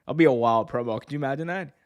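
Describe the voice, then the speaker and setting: The recording is muffled, and the man talks very fast in a mid-range voice. As host of an informal wrestling news podcast, he rambles on, throws in jokes, and keeps revising what he just said.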